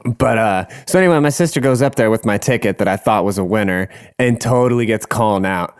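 A man's voice: on the low side, a little fast, clean tone. A young man casually telling a rambling, profane story, laughing as he goes.

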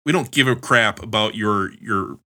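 Very bright-voiced wisecracking man. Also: fairly low pitch, normal speed. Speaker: podcast co-host. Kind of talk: casual podcast banter.

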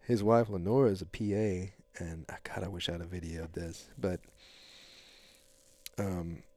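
Middle-aged guy hosting a podcast, low voice, rambles and gets animated, dry close sound. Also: moderate pace, no room sound. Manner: rambling, animated storyteller with frequent fillers and laughs. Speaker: podcast host. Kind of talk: casual storytelling chat.

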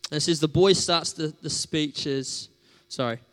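A man's voice: on the high side, steady tone, moderate pace, a bit bright. A man preaching a sermon in a conversational, storytelling way, with casual fillers.

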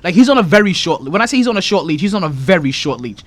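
A man hosting a casual sports podcast, animated and laughing, trash-talking over a call. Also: high-pitched, rapid-fire. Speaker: podcast host.

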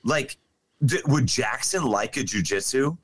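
A man's voice: medium pitch, lively intonation, a little slow, no echo. A man chatting casually on a podcast, easygoing and enthusiastic, with slangy speech. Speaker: podcast co-host. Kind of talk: casual chat.

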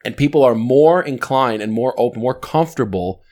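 A man co-hosting a relaxed chat, explaining ideas through acted everyday examples. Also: mid-range voice, moderate pace. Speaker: podcast co-host. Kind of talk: casual chat about books.

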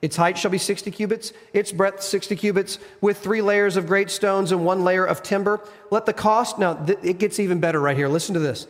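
A man preaching an expository sermon, reading scripture and retelling stories in an animated, emphatic, conversational way. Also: high voice, fairly quick, hardly any pauses. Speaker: pastor. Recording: reverberant church hall.

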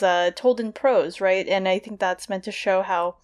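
A young woman talks through a literary analysis in a casual, thoughtful way. She explains as she goes, circling back with fillers and restarts. Her pitch sits in the middle of the range for a woman. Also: steady tone, moderate pace. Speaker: podcast co-host discussing literature.

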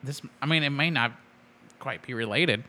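A man's voice: mid-range voice, moderate pace, sharp tone, slight background noise. A man co-hosting a podcast in casual chat, playful and laughing often. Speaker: podcast co-host.

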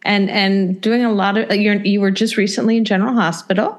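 Woman host asking questions, mid pitch, easygoing. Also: steady tone, brisk. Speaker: interviewer. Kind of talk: interview questions.

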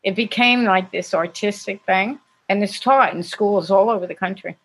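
A woman's voice: mid-range voice, moderate pace, husky, poor audio. Older woman, american, chatty storyteller, frequent laughter, casual interview. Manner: lively storyteller, laughs often. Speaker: actress and guest.

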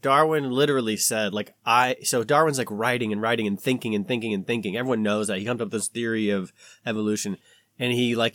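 A man's voice: on the low side, brisk, no room sound. Rambling man with a dry close voice. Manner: rambling, filler-heavy, animated. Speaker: podcast co-host. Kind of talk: casual conversation.

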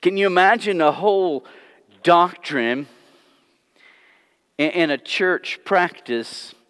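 A man teaching a church class, telling a joke, then posing rhetorical questions in a conversational way with frequent restarts. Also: on the high side. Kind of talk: sermon-style teaching with a joke. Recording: long hall reverb.

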